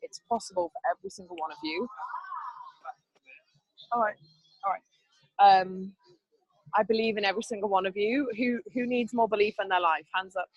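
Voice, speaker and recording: A woman's voice: medium pitch, normal speed, pauses often, no room sound, highs cut off. A woman leading a team training over a video call, upbeat and chatty, laughing often. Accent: not Canadian. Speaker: team leader.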